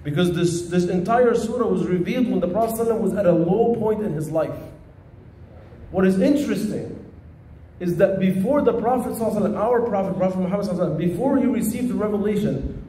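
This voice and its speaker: High-voiced man teaching in an echoey room. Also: slight background noise. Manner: conversational, storytelling, animated. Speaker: Islamic teacher. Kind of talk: religious lesson.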